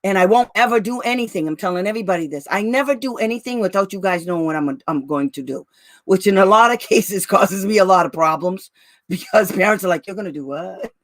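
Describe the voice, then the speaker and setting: Talking fast in a medium-pitched voice, a special education advocate chats casually with parents on a livestream, blunt and brash, laughing a lot and calling people "girl" and "honey." The sound is clean studio quality with no echo.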